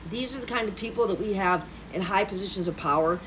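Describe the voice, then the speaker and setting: A woman's voice: medium pitch, fast. A woman delivering a profane, sarcastic political rant straight to the camera. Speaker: political commentator. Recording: slightly dull lo-fi recording with faint background hum.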